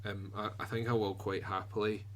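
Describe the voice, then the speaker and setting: Guy rambling on a podcast, easygoing, kinda self-deprecating, lowish voice. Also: level tone, brisk, slight background noise. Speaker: podcast co-host. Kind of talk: casual chat.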